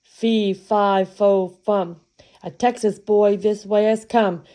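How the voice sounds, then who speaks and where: Greedy male giant, huge and gruff, put on by a woman reader; loud roaring delivery, storybook reading. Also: medium pitch, fairly even intonation, slow, lightly acted. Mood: menacing.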